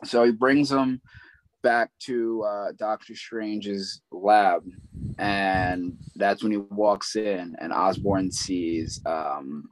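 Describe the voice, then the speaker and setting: A man with a fairly low voice chats loosely about a film. He retells it in a rambling way, with plenty of ums and likes. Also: fairly even intonation, extremely slow, slight background noise, rough recording. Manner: rambling retelling with many fillers. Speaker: movie recap co-host. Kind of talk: casual chat.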